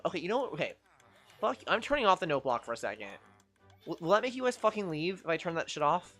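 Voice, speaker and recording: A woman's voice: on the low side, very animated, fast, a bit bright, dry recording. Young woman streamer losing patience w a game, swearing, voice jumping way up n down, music faint behind. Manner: exasperated ranting, swears, scolds game mobs. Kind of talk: live gameplay commentary.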